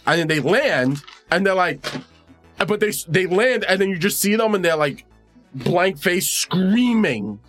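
A man's voice: high-pitched, animated, unhurried, a bit bright, soft background music. A man running a tabletop game as game master, describing scenes in a rambling way with many fillers.

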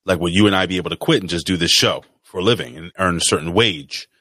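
A man's voice: deep voice, fast, bright, forceful tone, dry recording, studio quality. A man co-hosting a podcast, chatting bluntly and casually with profane banter. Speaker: podcast co-host.

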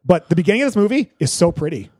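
Brief: male podcast co-host, high and lively voice, dry close sound, animated storyteller. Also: rapid-fire, no room sound. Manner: animated storytelling, laughs often. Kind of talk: casual movie review chat.

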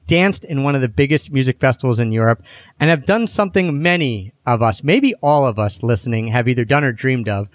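A man's voice: on the high side, no echo. A man hosting a podcast with an upbeat, playful energy and a slightly raised voice. He leans on his words for emphasis. The sound is dry and close. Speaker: podcast host.

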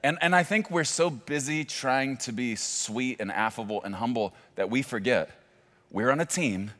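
A man's voice: mid-range voice, moderate pace, fairly bright tone. A male pastor preaching a sermon with emphatic delivery and joking asides.

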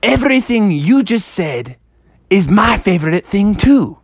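A woman's voice: mid-range voice, expressive, measured pace, breathy edge, no room sound, studio quality, voice pushed up. A woman voicing an eager young male frog who talks like a laid-back dude. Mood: enthusiastic.

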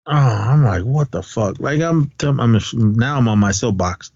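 A middle-aged man from California, chatting on a podcast, telling stories in a profane, animated rant. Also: mid-range voice, a little slow, no echo. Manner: profane, ranting, animated storytelling. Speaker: podcast co-host. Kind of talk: casual podcast chat. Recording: dull, dry podcast recording.

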